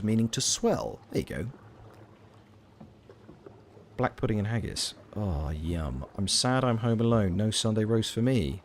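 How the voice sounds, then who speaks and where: A man's voice: on the low side, a little mellow, a little hiss or hum. A Welsh man chatting casually with his live chat while streaming a video game, rambling through playful tangents. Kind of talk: casual live gameplay commentary.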